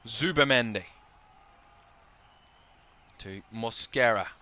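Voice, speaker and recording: Brit guy doing live football commentary, bright crisp voice, short bursts of player names, bit tired. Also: mid-range voice, slow. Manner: calls player names in short bursts, rising when attacks build. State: tired, yawning. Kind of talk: live watchalong match commentary.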